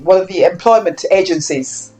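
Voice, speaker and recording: A woman's voice: fairly low pitch, moderate pace, soft background music, low-quality recording. Older woman from Saint Kitts recalling her life. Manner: reflective, animated when acting out quoted exchanges. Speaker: interviewee. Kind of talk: oral history interview.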